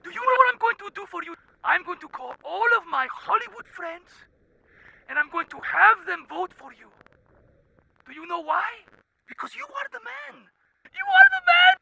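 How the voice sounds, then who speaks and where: A man voicing a squeaky male baby who begs in drawn-out wails and barks orders between giggles in a comedy sketch. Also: very animated, sharp tone, exaggerated voice, rough recording. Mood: scheming. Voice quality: shrill, giggling, gravelly. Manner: begging in drawn-out wails, then barking orders.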